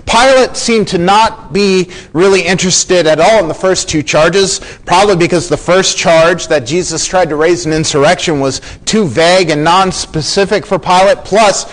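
A man's voice: sits high, low-quality recording. A man preaching a sermon as a pastor, explaining scripture earnestly and acting out the quoted lines.

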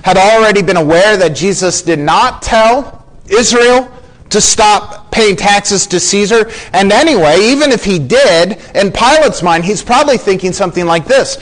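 A man's voice: sits high, animated, normal speed, poor audio. A man preaching a sermon as a pastor, explaining scripture earnestly and acting out the quoted lines.

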